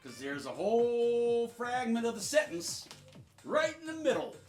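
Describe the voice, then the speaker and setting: Man, mocking commentary, lively swooping pitch, roomy echo, faint music behind. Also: unhurried. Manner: sarcastic, mocking, swinging loud to soft. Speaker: political commentator. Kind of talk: sarcastic commentary over clips.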